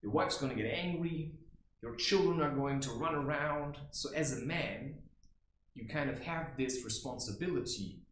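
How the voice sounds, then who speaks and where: A man's voice: mid-range voice, normal speed, slight background noise, close to an everyday voice. A man playing a blunt, boastful macho barbarian in a rambling comic monologue, keeps tossing in "right?", recorded in a room. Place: room indoors. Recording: echoey room.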